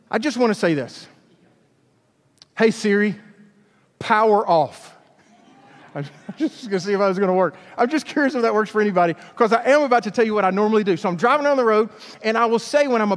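A man's voice: high-pitched, long reverb tail. A man from Alabama, a youth pastor telling a chatty story in a sermon, with stumbling restarts.

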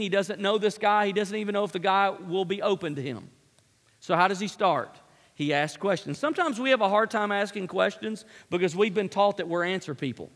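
A man with a high voice delivers a sermon as a pastor, pressing his points home by repeating short phrases. His words ring out with a long reverb from the hall around him. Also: a bit bright. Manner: emphatic preaching, repeating key phrases.

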